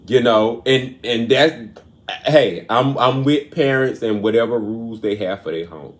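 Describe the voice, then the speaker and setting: Man as a chatty show host; heartfelt, emotional, goes loud then soft. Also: mid-range voice. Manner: emotional and earnest, swings between raised and soft talk. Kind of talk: casual commentary on celebrity news.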